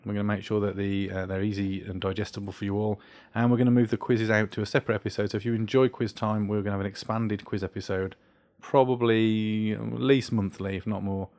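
A man's voice: lowish voice, flat delivery, fast, few pauses, a little mellow. A middle-aged man hosting a podcast in casual chat, jokey and upbeat as he steers the talk. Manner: upbeat, jokey, directs the conversation. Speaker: podcast host. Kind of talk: casual chat, leading the show.

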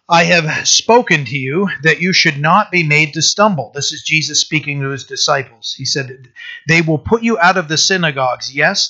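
A man delivers a sermon, reading scripture and then unpacking it in easy, conversational speech. His voice is on the higher side and forceful in tone. The recording is somewhat muffled and lo-fi. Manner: conversational, asks the room "right?" often; reads scripture aloud, then explains it. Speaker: preacher.

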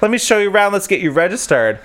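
A man's voice: high voice, very animated, fast talker, fairly bright tone, voice pushed up. A man voicing a cheery, sinister male demon who runs a writers' office, chipper and salesy, in a comic retelling. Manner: chipper, salesy, falsely reassuring.

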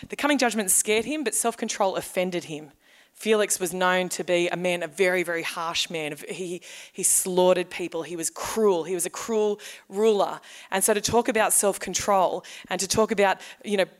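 A woman pastor, giving a sermon in a conversational storytelling manner. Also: fairly low pitch. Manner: conversational storytelling, acts out quoted voices.

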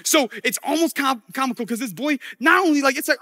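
A man's voice: extremely high pitch, brisk, few pauses, sharp tone, in a large hall. A man preaching a casual, story-driven sermon with slang and jokey asides in a church.

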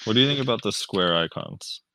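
A man's voice: fairly low pitch, expressive, brisk, sharp tone, dry recording, clean studio sound. A man casually co-hosting a gaming podcast, chatty and laughing at his own points, swearing freely. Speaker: podcast host.

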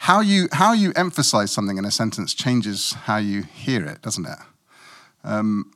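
A man's voice: fairly low pitch, big pitch swings, moderate pace, fairly bright tone. Middle-aged male preacher, conversational sermon, dry humour, playful asides. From Africa. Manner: conversational, self-mocking, playful asides with acted quotes.

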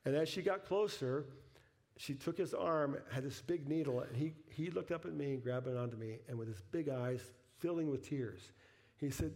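A middle-aged man, a pastor preaching a sermon, telling a personal story that builds to emphatic peaks and falls back to soft, quiet lines. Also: on the high side, normal speed.

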